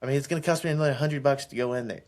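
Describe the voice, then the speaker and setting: A young man in a casual podcast chat, telling excitable stories, laughing and saying bro and dude. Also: medium pitch, rapid-fire.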